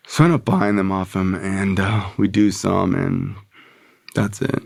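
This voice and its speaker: A fairly low-pitched man telling a story as a podcast guest, in a loose and casual way. His talk is full of filler and casual swearing. He keeps slipping into the back-and-forth dialogue of whoever he is quoting. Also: moderate pace, creaky. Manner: loose and profane, heavy on filler "like" and "bro", acts out quoted dialogue.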